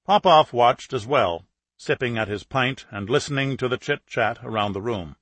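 Male audiobook narrator, steady scripted delivery, husky texture, dry close sound. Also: mid-range voice, normal speed, dry recording.

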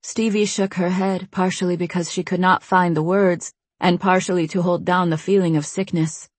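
A woman narrating an audiobook with tense, steady storytelling. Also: fairly low pitch, normal speed, no room sound. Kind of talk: scripted narration.

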